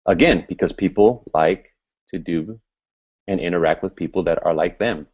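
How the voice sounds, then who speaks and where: A man giving a motivational business training talk to a group, speaking loud and fired up. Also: sits low, moderate pace. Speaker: business seminar presenter. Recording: dull lo-fi recording.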